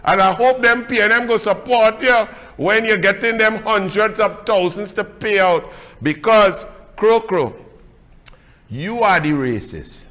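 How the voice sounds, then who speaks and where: Trinidadian male political host, scornful and emphatic, bright high timbre with a long room echo. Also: unhurried. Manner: mocking, emphatic, scolding. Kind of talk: combative political monologue.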